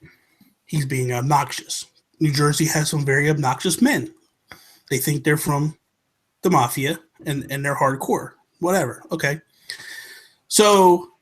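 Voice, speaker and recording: An American man co-hosting a podcast, telling a story in a casual chat and acting out the people in it. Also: fairly high pitch. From United States. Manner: animated storyteller, acts out the people in his story. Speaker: podcast co-host.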